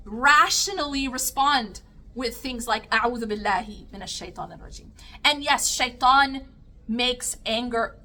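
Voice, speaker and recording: Woman lecturing a room full of people, high clear voice, keeps asking the crowd questions. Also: bright, forceful tone. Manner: engaging, asks the audience frequent questions. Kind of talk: lecture to a live audience.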